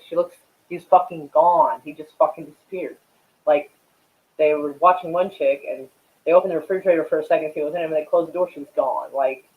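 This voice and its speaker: Man, live-stream chat, rambling, profane, fairly high voice, tinny phone-like line. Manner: rambling and profane, many fillers; smoking while talking.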